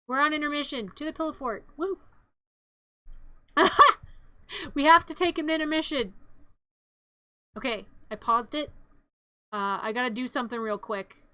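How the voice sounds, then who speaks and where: A woman's voice: high voice, normal speed, long pauses, pushed and bright, dry recording. A woman streamer retelling a film as a comedy bit, playful and rambling, with frequent asides.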